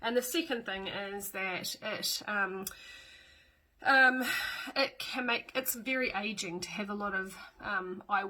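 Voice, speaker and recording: A woman's voice: mid-range voice, a little slow, sharp tone, low-quality recording. A middle-aged woman, chatting casually through a step-by-step makeup demo with fillers and small asides. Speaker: makeup tutorial host.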